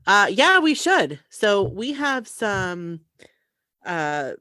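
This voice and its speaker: A woman co-hosting a casual podcast, animated and playful, exaggerating for laughs. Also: medium pitch, extremely slow, dry recording, clean studio sound. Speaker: podcast co-host. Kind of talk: casual chat.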